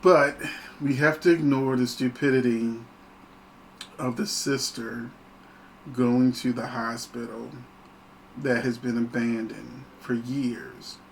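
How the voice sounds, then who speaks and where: A man's voice: mid-range voice, steady tone, slow pace, vocal fry, slight background noise, rough recording. A man hosting his own channel, chatting casually and animatedly through a film review, laughing often.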